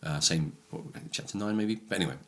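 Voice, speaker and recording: A man, a church leader reflecting on a Sunday sermon in casual chat. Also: deep voice. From England, Brighton. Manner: reflective, explaining with slow emphasis.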